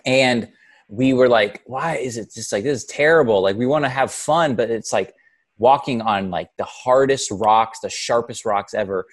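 A man co-hosting a casual podcast chat, telling a story in an animated way with many fillers. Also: mid-range voice, normal speed. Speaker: podcast co-host.

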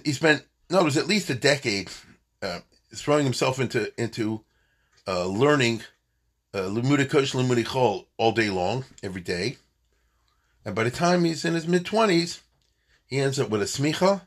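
Guy teaching a history class, kinda husky, rambles and keeps asking "okay?". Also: mid-range voice, fairly bright tone. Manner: chatty, digressive, often checks in with listeners. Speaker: lecturer on Jewish history. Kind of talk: informal classroom lecture.

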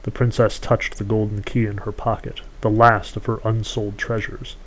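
A man narrating a fairy tale in an even, measured storytelling voice. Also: on the low side, breathy edge, low-quality recording. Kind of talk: storybook reading.

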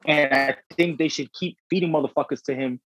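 A young man co-hosting a casual wrestling podcast, talking in a profane, slangy, excitable way. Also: a little high, fairly quick, breathy edge, no echo. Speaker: podcast co-host. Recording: dry dull lo-fi audio.

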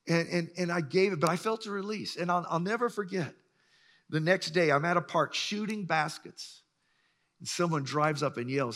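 A pastor in his sixties preaching a sermon, emphatic and swinging between loud bursts and hushed lines. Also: high-pitched, lively intonation, moderate pace. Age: 60s.

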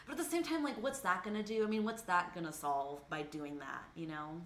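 A young adult woman co-hosting a casual podcast, recapping a show in an animated, profane way and acting out the characters' lines. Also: on the low side, brisk, a little hiss or hum. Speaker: podcast co-host recapping a TV episode. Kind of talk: casual chat. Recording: echoey room.

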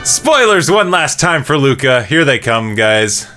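A man's voice: mid-range voice, very animated, unhurried, sharp tone, soft background music. A man hosting a podcast, steering the talk in playful, casual chat. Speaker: podcast host.

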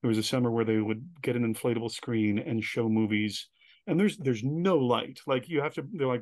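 Animated male storyteller, dry close sound. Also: mid-range voice, fast, dry recording. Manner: animated storyteller who acts out quoted voices. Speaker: interview guest. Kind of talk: casual storytelling interview.

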